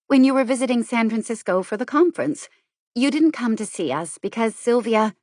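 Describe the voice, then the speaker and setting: An anxious, impulsive young woman, voiced by a woman narrator, speaks in quick, questioning bursts, pitched higher than the narration. The reading is close and dry, as in a studio audiobook. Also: lively intonation, darkish tone, no echo, close to an everyday voice. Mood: earnest.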